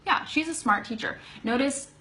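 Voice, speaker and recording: A woman's voice: high voice, normal speed, pushed and bright, poor audio. A woman with a Californian accent giving a live online English lesson, chatty, laughing often and checking in with "okay?". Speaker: English teacher.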